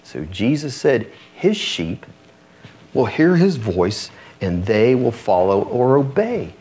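A man preaching a sermon, reading scripture aloud in a lower, slower voice and lifting his pitch to drive points home. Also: very animated, a little mellow. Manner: reads scripture low and slow, then rises to press points.

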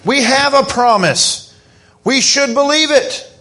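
Male pastor, higher voice, slow and deliberate, emphatic sermon delivery. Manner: emphatic, animated preaching.

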